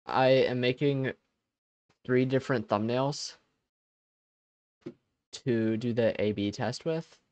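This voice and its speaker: A man's voice: mid-range voice, takes it slowly, pauses often, darkish tone, dry recording, muffled recording. Laid-back young man chatting on stream. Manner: laid-back, laughs often, trails off mid-sentence. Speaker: live stream host. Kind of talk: casual chat with stream viewers.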